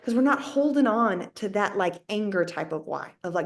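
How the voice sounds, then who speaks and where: A woman giving a lively motivational talk to her sales team, folksy and high-energy, often acting out what people say. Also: normal speed, gravelly. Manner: high-energy, folksy, acts out quoted voices. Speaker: network marketing team leader.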